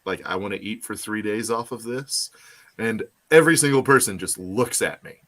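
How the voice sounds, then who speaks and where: A man's voice: lowish voice, moderate pace, a bit bright. A man in a casual chat who tells jokes and pokes fun at himself. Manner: joking, self-mocking.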